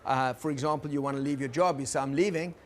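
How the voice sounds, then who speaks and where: Gentle man giving a lecture. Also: mid-range voice, flat delivery, fast. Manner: gentle, explaining, checks in with listeners. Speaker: teacher on conflict work. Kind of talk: recorded lecture.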